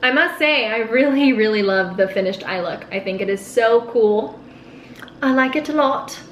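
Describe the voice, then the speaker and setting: A woman's voice: on the high side, expressive, normal speed, a little hiss or hum, close to an everyday voice. A woman doing an exaggerated mock British accent, playfully putting on a posh voice. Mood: gushing. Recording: echoey room.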